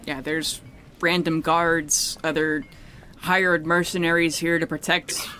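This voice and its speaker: A man's voice: a little high, little pitch movement, slow, bright, forceful tone, slight background noise. A man narrating a tabletop game as game master, casual and rambling, swearing freely.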